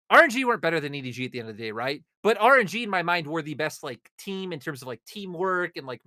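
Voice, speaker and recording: Animated bright man, swinging pitch. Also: dry recording, studio quality. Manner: animated, excitable, quick bursts. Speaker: esports panel co-host. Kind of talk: casual analytic chat.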